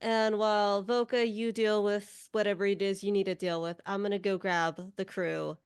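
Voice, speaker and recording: A woman's voice: mid-range voice, flat delivery, normal speed, clean tone, dry recording, clean studio sound. A woman playing a tabletop role-playing game, talking in a coy, evasive way. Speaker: player. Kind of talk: in-character tabletop play.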